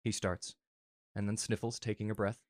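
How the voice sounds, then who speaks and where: Low-voiced man reading a story. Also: level tone, normal speed, no echo, clean studio sound. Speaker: narrator. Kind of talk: fan fiction reading.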